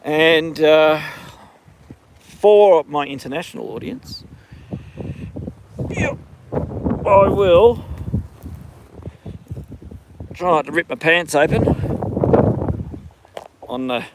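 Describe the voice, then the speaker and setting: A man's voice: on the high side, expressive, very slow, pauses often, background noise. A man with an Australian accent, live-streaming from a horse paddock on his phone, ranting and then chatting casually. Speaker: livestream host.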